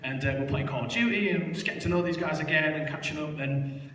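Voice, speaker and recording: This young man's voice runs on the high side and fairly bright, and he talks fast as he recounts his life story to his church. The testimony is frank and self-deprecating, full of fillers. Captured in a large, echoey hall from far away, the audio carries a little hiss or hum.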